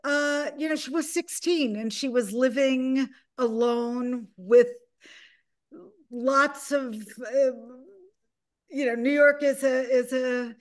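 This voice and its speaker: A woman's voice: high voice, steady tone, takes it slowly. Older woman director, rambling and thoughtful. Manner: meandering, with many fillers and restarts. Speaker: film director, guest. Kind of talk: reflective interview answers.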